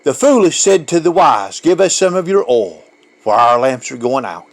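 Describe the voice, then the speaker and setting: A man's voice: medium pitch, sing-song, normal speed. A man preaching an emotional sermon, fervent and given to repeating words as he pushes on.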